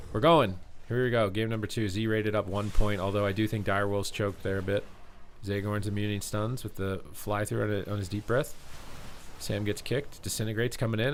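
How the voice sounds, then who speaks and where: A man casting a live esports broadcast, chatting with the stream chat and calling the action play by play. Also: on the low side. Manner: excitable, chatty, reads out chat. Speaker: esports caster. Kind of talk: live game commentary.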